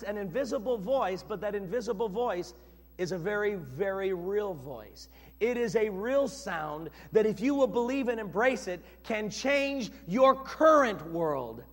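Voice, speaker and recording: A male pastor preaching a sermon in an animated, dramatic way, acting out scenes with shifting voices. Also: high voice. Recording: long reverb of a church hall.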